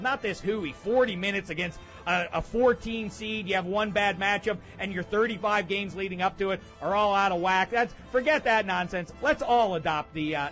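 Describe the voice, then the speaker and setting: High-voiced man ranting on sports radio. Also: fairly bright tone, muffled recording. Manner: sarcastic, emphatic ranting. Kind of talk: comedic sports commentary rant.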